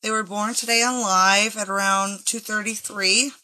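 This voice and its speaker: A woman's voice: mid-range voice, fairly even intonation, normal speed, sharp tone. A woman chatting casually to viewers on a phone livestream at home, talking straight to them. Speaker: livestreaming chinchilla breeder. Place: home with stairs. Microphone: handheld phone.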